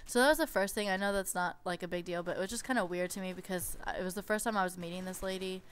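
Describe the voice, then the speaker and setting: A woman's voice: on the low side, fast, clear, resonant tone. A young woman in a casual storytime vlog, chatty and exasperated, peppering her stories with "like". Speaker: babysitter telling stories.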